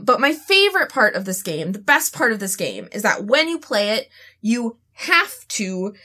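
A woman hosting a podcast in casual chat, giggly and animated. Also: on the high side, moderate pace. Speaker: podcast host.

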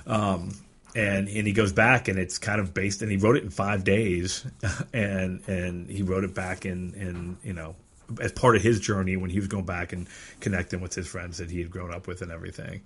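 A man's voice: sits low, little pitch movement, normal speed, breathy edge. A man from Erie, Pennsylvania, chatting casually as a podcast co-host, meandering and searching for his words. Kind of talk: casual chat about movies.

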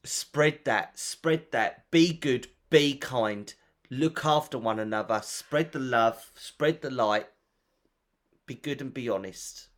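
A man's voice: medium pitch, slow. A man podcast co-host, a bit tipsy from wine, earnestly repeating short calls to be kind and good. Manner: earnest, repetitive exhortations. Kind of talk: casual chat.

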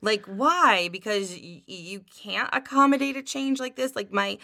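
A woman's voice: medium pitch, normal speed, sharp tone. A woman co-hosting a podcast in casual chat, speaking earnestly and with emphasis. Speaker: podcast co-host.

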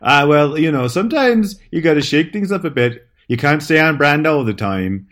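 A man's voice: fairly high pitch, expressive, normal speed, fairly bright tone. A man co-hosting a comedy podcast who talks in a goofy, rambling way, tripping over his words. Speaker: podcast co-host. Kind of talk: joking casual chat.

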